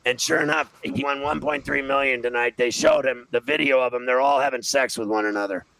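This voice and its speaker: Gravelly rambling middle-aged man. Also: mid-range voice, steady tone, fairly quick, sharp tone, no echo, poor audio. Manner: rambling storyteller, swears, self-mocking. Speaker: sports podcast host. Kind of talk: casual sports betting chat.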